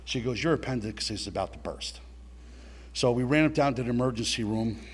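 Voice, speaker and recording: A man's voice: mid-range voice, brisk, husky. A middle-aged man telling a blunt personal story at a recovery meeting, swearing and talking straight to his listeners.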